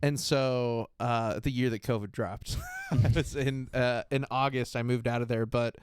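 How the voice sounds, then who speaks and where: A man hosting a podcast, talking in loose rambling chat that trails off and breaks into laughter. His voice is smooth and clean at a middling pitch. He is close on a dry mic with no room around him. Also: fairly even intonation, a little slow, no room sound. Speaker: podcast host. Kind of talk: casual chat.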